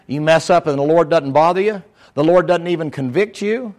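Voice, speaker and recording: A man's voice: a little high, normal speed. A man preaching a sermon, moving from folksy storytelling to fervent exhortation.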